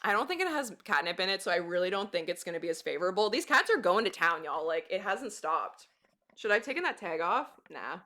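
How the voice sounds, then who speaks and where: A woman's voice: fairly low pitch, sing-song, fairly quick, sharp tone. A woman chatting casually on a livestream, giggly and bubbly, swearing freely and reacting to chat.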